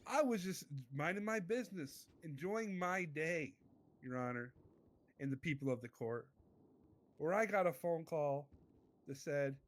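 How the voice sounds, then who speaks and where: In a roleplay court, a man plays a small-time crook giving testimony, earnest and rambling, and keeps turning back to the judge with a pleading mood. His voice is a little high, animated, and unhurried.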